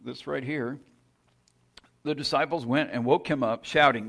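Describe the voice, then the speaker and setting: A man at mid pitch giving a sermon. He retells the story casually, often restarting his sentences and posing rhetorical questions to the listeners. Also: measured pace, creaky, a bit bright, breathy edge. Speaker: preacher.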